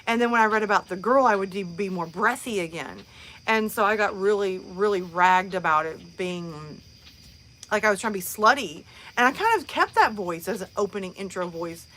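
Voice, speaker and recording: A woman's voice: medium pitch, normal speed, a bit bright, a little hiss or hum. A woman host chatting casually on a live stream, rambling with many fillers and restarts.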